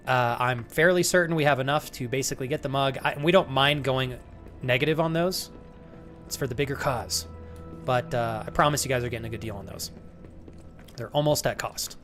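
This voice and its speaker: A man's voice: medium pitch, fairly bright tone. A man streaming a game live, chatting with his viewers, joking, and reading the game text aloud. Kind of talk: live gameplay commentary.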